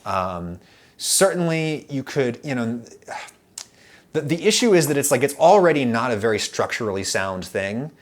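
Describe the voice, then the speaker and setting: A man hosting a casual food chat, rambling and animated with lots of fillers and restarts. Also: mid-range voice, normal speed. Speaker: food YouTube host.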